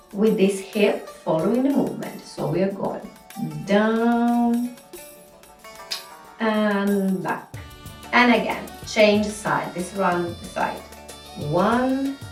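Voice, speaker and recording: Slow patient woman teaching belly dance. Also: medium pitch, a little mellow. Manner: slow, patient step-by-step instruction with counting. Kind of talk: instructional dance lesson. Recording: echoey room, mic at a distance, music behind. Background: music.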